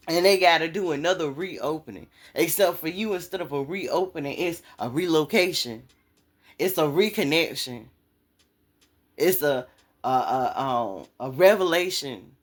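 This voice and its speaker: A woman speaks to her listeners about faith in a relaxed, preaching manner. Her pitch moves up and down a great deal, and she keeps coming back to the same phrases to drive her point home. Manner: conversational, preachy, repeats phrases for emphasis. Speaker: inspirational speaker. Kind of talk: motivational faith talk.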